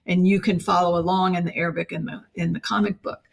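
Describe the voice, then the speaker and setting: A middle-aged woman, a podcast guest, telling a personal faith story in an earnest, animated way and acting out quoted dialogue. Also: on the low side, quick pace, gravelly.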